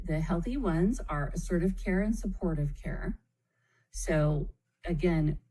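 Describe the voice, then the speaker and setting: Her voice lowish and mellow, a parenting educator explains a chart during a live stream, conversational and checking in with "okay?" as she speaks warmly and empathetically about children, whom she calls "kiddo". The recording is rough.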